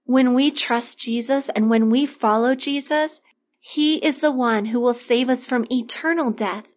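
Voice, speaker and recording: A woman telling a Bible lesson story to children, gently expressive, asking her listeners questions as she goes. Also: fairly high pitch, measured pace. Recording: dull lo-fi recording.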